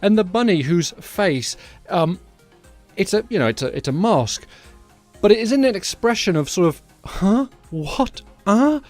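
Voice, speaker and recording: A man's voice: high voice, normal speed, soft background music. Sarcastic man hosting a news podcast. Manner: sarcastic, animated storytelling. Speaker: podcast host. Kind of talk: comedic news commentary.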